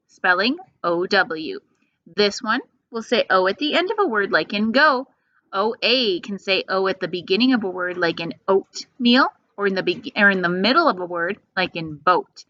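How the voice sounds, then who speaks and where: Slow, patient woman teaching phonics. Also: medium pitch, bright, forceful tone. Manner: slow, patient, drawn-out sounds. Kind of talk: phonics lesson for young children. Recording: dull lo-fi sound.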